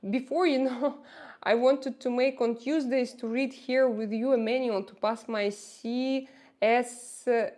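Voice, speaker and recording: Woman, Russian accent, slightly high voice; relaxed livestream host chatting with viewers over a phone or laptop mic. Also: measured pace. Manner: chatty, reads and answers viewer comments, laughs often. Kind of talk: casual livestream chat.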